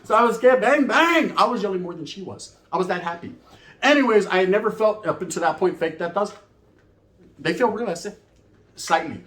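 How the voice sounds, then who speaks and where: A man's voice: high voice, a little fast, fairly bright tone, reverberant. A man telling a profane comic story in a rambling, casual way, switching into voices for the people in it.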